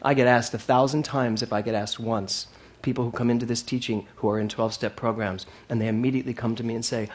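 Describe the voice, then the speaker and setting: A man preaching a sermon to a congregation. He repeats his key phrases and swings between loud emphatic lines and soft asides. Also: medium pitch, fairly even intonation, fast talker. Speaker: minister.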